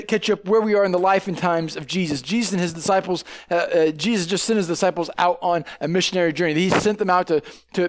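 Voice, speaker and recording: A man with a high voice preaching to a congregation. He speaks in a loose, conversational way, tossing in "right?" and restarting his sentences as he goes. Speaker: pastor. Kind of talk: sermon.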